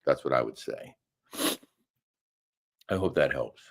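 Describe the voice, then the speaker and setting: A man's voice: a bass voice, slow, creaky, breathy edge. A middle-aged man co-hosting a live show from a hotel room, chatting casually, reading viewer comments and arguing his points with emphatic bursts. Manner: animated, emphatic, argumentative bursts. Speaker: co-host of a live daily show.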